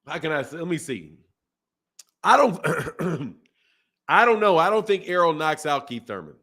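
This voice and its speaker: A man's voice: a little high, big pitch swings, a little slow, bright, forceful tone. A man hosting a boxing channel, casually chatting on a live stream and reading viewer comments, repeating phrases as he goes.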